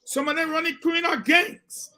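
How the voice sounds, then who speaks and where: A man with a Liberian English accent comments on a call-in radio program. His voice is bright and forceful, and he drives each point home by repeating it. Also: very high-pitched, little pitch movement, moderate pace. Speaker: political commentator on call-in show.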